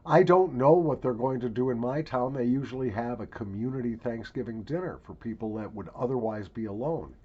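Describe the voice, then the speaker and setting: A man from Minnesota, hosting his own casual video show, wry and mock-grandiose, swinging from loud hamming to quiet musing. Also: medium pitch, a little fast, few pauses, husky. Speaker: vlog host. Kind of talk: casual rambling monologue to camera. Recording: dull lo-fi home video sound.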